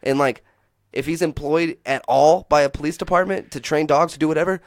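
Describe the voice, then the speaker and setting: Fast-talking, profane young man. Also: a little high, no room sound. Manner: fast, animated storytelling with heavy swearing. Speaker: podcast host, comedian. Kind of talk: casual podcast chat.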